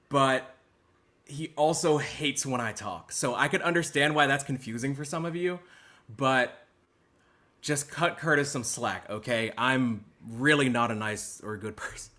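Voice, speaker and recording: A man hosting his own channel, reacting to clips with sarcastic, stammering fake apologies that swing between loud and hushed. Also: medium pitch.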